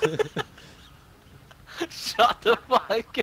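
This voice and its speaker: Man, lively pitch, bright tone, mocking, swearing, headset chat. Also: very slow, a little hiss or hum. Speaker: gamer in party chat. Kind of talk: crude trash talk.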